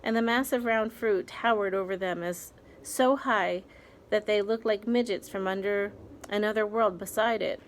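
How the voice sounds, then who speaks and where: A woman's voice: medium pitch, steady tone, moderate pace, slight background noise, low-quality recording. A woman, a teacher, reading a children's novel aloud expressively, with small slips and restarts.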